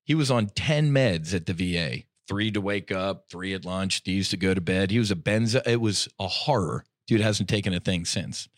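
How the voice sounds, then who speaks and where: A middle-aged man telling a personal story in casual podcast talk. He is animated and slangy, and his voice swings between loud bursts and hushed asides. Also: low voice, moderate pace, few pauses, no echo, clean studio sound. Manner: slangy, says "dude" and "I'm like". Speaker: podcast guest.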